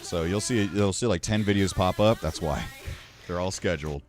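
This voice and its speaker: Low-voiced man rambling on a livestream. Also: normal speed, soft background music. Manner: rambling, emotional, swearing casually. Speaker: streamer. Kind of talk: casual livestream chat.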